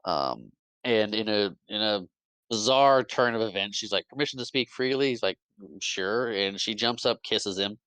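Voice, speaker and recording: On a podcast, a male co-host loosely retells a film's plot, stumbling through frequent restarts and fillers and briefly doing the characters' voices. He talks a little slowly, his slightly low voice bright and crisp. The audio is close and dry, with no echo.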